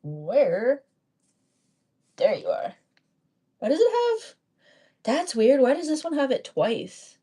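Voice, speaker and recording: Chatty Texan woman, mellow voice. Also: high voice, very animated, slow, pauses often, husky. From Texas. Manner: chatty, playful, talks to herself and her stickers. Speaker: streamer. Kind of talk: casual live-stream chat while crafting.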